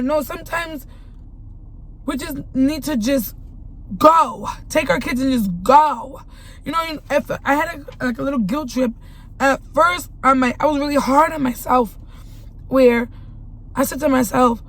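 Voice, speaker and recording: High-voiced woman giving an emotional testimony. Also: moderate pace, low-quality recording. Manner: earnest, emotional, talks straight to viewers. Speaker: vlogger and mother. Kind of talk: emotional personal testimony to camera.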